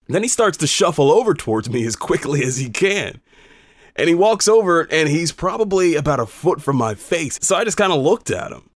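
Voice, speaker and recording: Animated storytelling man. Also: a little high, fairly quick, dry recording, studio quality. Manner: animated, conversational, emphatic. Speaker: radio host. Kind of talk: personal storytelling monologue.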